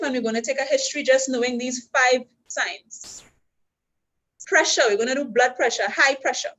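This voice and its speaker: A woman with a Trinidadian accent, her voice sitting a little high. She walks listeners through simple hand signs, step by step, with patient, clear instruction. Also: fairly bright tone, low-quality recording. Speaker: sign language instructor. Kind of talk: teaching a class. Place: university orientation session.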